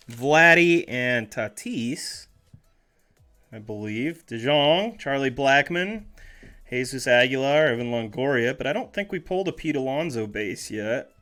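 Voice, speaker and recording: A man's voice: mid-range voice, a bit bright. A man chatting casually on a live stream as he opens packs, reading names aloud, joking and correcting himself along the way. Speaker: streamer opening trading card packs.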